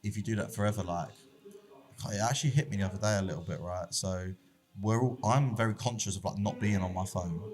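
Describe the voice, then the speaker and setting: A young man with a lowish voice, guesting on a casual podcast. He talks openly and with warmth, telling personal stories in a heartfelt, candid way. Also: brisk. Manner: open, candid, heartfelt storytelling. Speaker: barber shop founder, guest.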